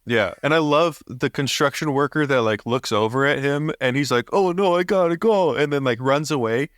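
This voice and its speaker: A man's voice: mid-range voice, normal speed, fairly bright tone, no room sound, clean studio sound. A young man co-hosting a casual movie review podcast, easygoing and agreeable, laughing along. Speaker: podcast co-host.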